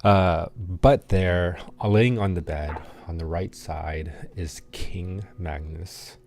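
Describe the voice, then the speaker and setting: Deep, slow-talking game master. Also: male voice, a little mellow. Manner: halting, many ums and restarts. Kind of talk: narrating a tabletop game.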